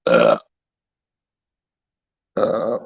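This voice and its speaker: Gravelly sarcastic man on a lo-fi stream. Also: sing-song, very slow. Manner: sarcastic, mocks people in high put-on voices, swears. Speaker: livestream host. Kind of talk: casual rambling livestream chat.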